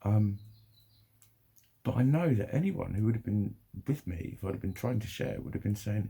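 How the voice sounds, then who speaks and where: A man's voice: on the low side, expressive, brisk, vocal fry, mellow, husky. A young man ranting to camera in a sweary, rambling, heated way. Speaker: vlogger.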